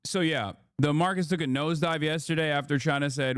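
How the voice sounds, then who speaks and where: A man with a fairly high voice reacts to a news clip on a stream, speaking at a moderate pace in clean studio sound with no room echo. It's casual political commentary, full of swearing and sarcasm, and he puts on mocking voices whenever he quotes someone.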